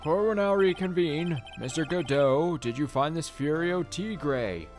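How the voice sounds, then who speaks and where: A man's voice: animated, measured pace. A man voicing a timid elderly male judge in a raised, fussy, formal voice, over game music. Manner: high, flustered, formal.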